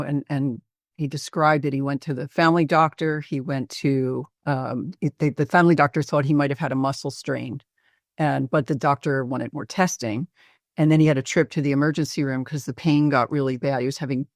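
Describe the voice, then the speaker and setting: A woman physician presenting a patient case in a webinar interview, speaking hesitantly with many pauses and fillers. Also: deep voice, no room sound, clean studio sound.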